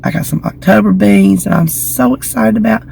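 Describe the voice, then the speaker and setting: Casual vlogger, woman, gravelly and a bit hoarse, chatty and gossipy, phone mic outdoors. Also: medium pitch, normal speed, a little mellow, a little hiss or hum, poor audio. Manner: chatty, gossipy storytelling with giggles. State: slightly hoarse from lingering illness. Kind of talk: casual chat to camera. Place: outdoors in the shade beside a building. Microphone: phone camera.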